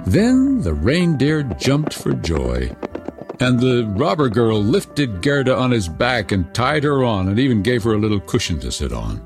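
A man narrating a fairy tale in an expressive, dramatic storybook reading. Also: mid-range voice, a little slow. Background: soft music.

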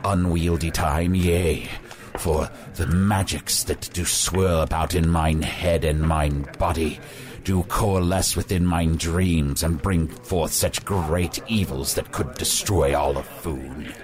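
A man's voice: deep voice, steady tone, takes it slowly, a little mellow. A man voicing a pompous male fantasy wizard who talks in grand, archaic phrases in an improvised comedy podcast. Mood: grandiose.

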